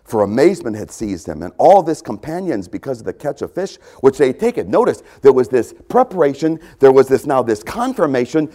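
A man preaching a sermon, emphatic and repeating key phrases, often clearing his throat. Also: medium pitch, sing-song, normal speed, mellow.

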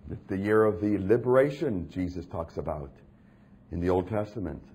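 A man preaching a sermon in a dramatic, emphatic way, dropping low and hushed and then building to loud, intense stretches. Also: normal speed, breathy edge.

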